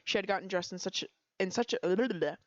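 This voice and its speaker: A woman's voice: mid-range voice, moderate pace, no echo, dull audio. A woman casually reading roleplay stories aloud on a stream, often breaking into giggles. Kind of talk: casual read-aloud storytelling.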